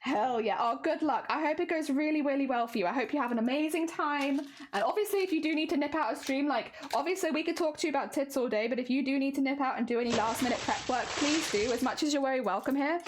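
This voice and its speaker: A woman's voice: high-pitched, fast, hardly any pauses, a little hiss or hum. A woman streaming live, chatting casually and playfully with her chat while she crafts.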